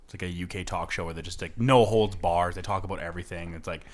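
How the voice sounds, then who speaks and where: A man's voice: deep voice, steady tone, quick pace. A man co-hosting a casual podcast chat, telling anecdotes, laughing and swearing freely. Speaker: podcast co-host.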